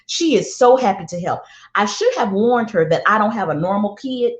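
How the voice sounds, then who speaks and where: A woman's voice: mid-range voice, lively intonation, normal speed. A woman telling a parenting story to an audience in a candid, profane way, repeating lines for emphasis. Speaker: parenting speaker. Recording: echoey, dull lo-fi sound.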